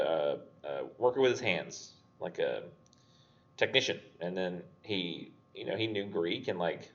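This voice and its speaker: A young English instructor teaches literature in a chatty, casual recorded lecture, packing his speech with fillers and acting out quotes. He has a deep voice, and the audio sounds dull.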